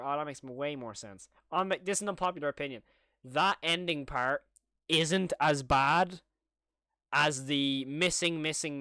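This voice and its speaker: A man's voice: a little high, pushed and bright, no room sound. A young man streaming a horror reaction, chatting casually and reacting aloud with repeated exclamations. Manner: chatty, answers viewer questions. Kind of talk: live reaction commentary.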